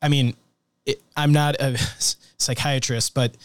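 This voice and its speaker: A man's voice: medium pitch, steady tone, unhurried, smooth, dry recording. A man co-hosting an interview, adding thoughtful comments with frequent restarts. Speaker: podcast co-host. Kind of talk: casual interview.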